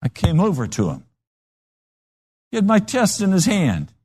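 A man's voice: high voice, unhurried, slightly rough. A man preaching a sermon, telling stories and acting out the voices in them. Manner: animated storytelling with acted-out voices.

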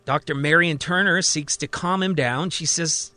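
A man's voice: fairly high pitch, moderate pace, hardly any pauses, pushed and bright, no echo. A man narrating a story of his own in a conversational, vivid way.

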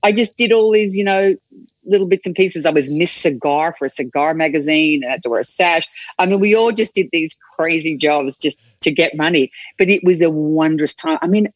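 A middle-aged Australian woman, an enthusiastic, animated storyteller chatting as an interview guest. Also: deep voice, normal speed, no room sound, highs cut off. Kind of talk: casual chat.

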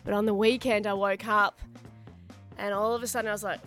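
A young Australian woman co-hosting a radio show, telling a story in casual banter, animated and dramatic as she acts out her own panic. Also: mid-range voice, a little fast, soft background music. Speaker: radio co-host. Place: radio studio. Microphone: studio microphone.

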